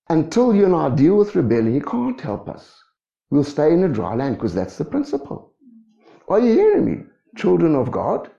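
A man's voice: high voice, gravelly. Guy preaching a sermon, voice bouncing all over the place, echoey muffled room. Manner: lively preaching with rhetorical questions. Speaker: pastor. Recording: echoey dull room sound.

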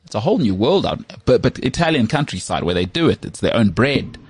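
A man hosting a casual podcast chat, telling rambling stories with lots of fillers and a husky voice. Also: on the low side, a little fast, no room sound. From South Africa. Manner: animated storyteller, rambling with many fillers. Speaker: podcast host.

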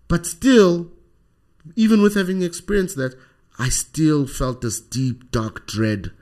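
A South African man, appearing as a podcast guest, tells a personal story in animated conversation, often ending sentences with "right?". His voice sits in the mid-range.

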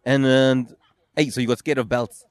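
A man's voice: mid-range voice, fairly even intonation, normal speed, clear, resonant tone, no room sound. A man hosting a casual street interview podcast at an outdoor skate park, teasing his guest and rambling with frequent restarts into a handheld mic. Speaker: podcast host. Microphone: handheld microphone.

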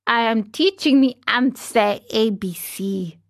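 A woman plays a grumbling old carpenter in a storybook, surly and stubborn in every denial. He speaks slowly and a little high. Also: vocal fry. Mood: wry. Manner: surly, denying.

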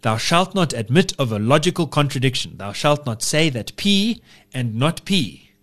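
A man's voice: mid-range voice, sing-song, normal speed, fairly bright tone. A man co-hosting a casual political podcast, talking discursively and philosophically in long winding sentences. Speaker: podcast co-host.

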